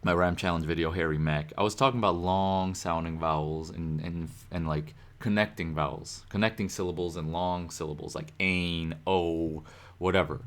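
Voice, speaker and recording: A man's voice: low voice, steady tone, normal speed. A young man hosting a reaction video, casually and animatedly breaking down rhymes as he talks. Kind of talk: casual commentary.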